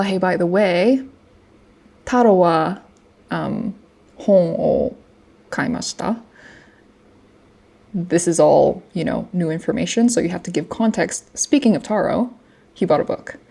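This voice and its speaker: A young woman learning a language casually explains grammar from her own study notes, chatting with plenty of fillers and restarts. Her voice is fairly low, gravelly, and darkish.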